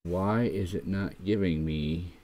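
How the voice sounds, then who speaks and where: A man's voice: low-pitched, slow pace, warm tone. A man hosting a casual livestream chat, rambling and talking himself through his computer troubles at the desk mic. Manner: rambling, narrates his own fumbling with the computer. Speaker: livestream host.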